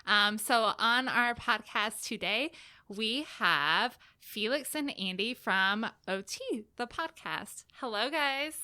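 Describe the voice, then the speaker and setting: A woman's voice: on the high side, animated, slow pace, bright, forceful tone. A woman co-hosting a podcast, bubbly and enthusiastic. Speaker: podcast co-host. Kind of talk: casual chat.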